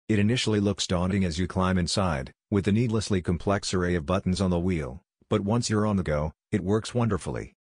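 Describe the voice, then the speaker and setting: A man giving a scripted car review voice-over in an even, measured reading. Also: low-pitched, husky, no room sound, studio quality.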